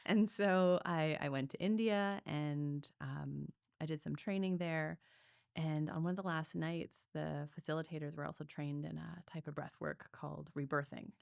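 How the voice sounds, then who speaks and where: A woman's voice: sits low, steady tone, normal speed, gravelly, a little mellow, no echo, clean studio sound. A woman breathwork coach telling her story in a podcast interview, earnest and reflective, with many fillers.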